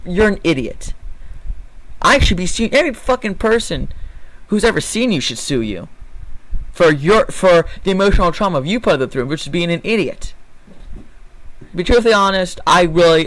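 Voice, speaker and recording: A fairly high-voiced man goes off in an angry, swear-heavy rant. He talks in bursts, restarting and correcting himself mid-sentence. The tone is indignant and emphatic. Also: animated, normal speed, long pauses, a bit bright, dry recording, low-quality recording. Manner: rambling with restarts and self-corrections. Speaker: vlogger. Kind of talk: reading a news story and ranting about it.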